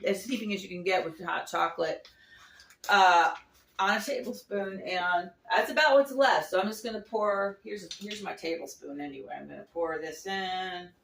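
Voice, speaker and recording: A woman's voice: on the low side, fairly bright tone. Chatty lady talking thru a recipe at home, lots of restarts, echoey kitchen. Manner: chatty and rambling, frequent restarts and little laughs. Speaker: home cooking vlogger. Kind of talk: casual kitchen demo chat.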